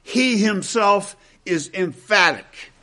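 Slow, bright-voiced male preacher. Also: high voice, animated. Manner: deliberate, emphatic, with slowed stresses on key phrases; quotes scripture at length in a measured cadence. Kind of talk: expository sermon.

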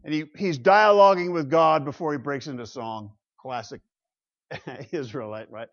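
A man giving a classroom lecture on the Psalms, emphatic and animated, with rhetorical questions and chuckles. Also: on the high side, a little slow, muffled recording. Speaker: Bible lecturer.

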